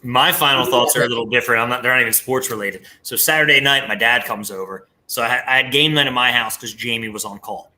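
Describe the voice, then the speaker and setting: A man, hosting a podcast and telling a story in lively casual chat, swearing freely. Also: mid-range voice, fast talker, hardly any pauses. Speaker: podcast host.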